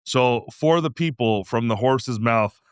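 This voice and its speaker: A man's voice: mid-range voice, a little slow, clear, resonant tone, no echo, clean studio sound. A man co-hosting a casual podcast, teasing and swearing, laughing often. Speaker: podcast co-host.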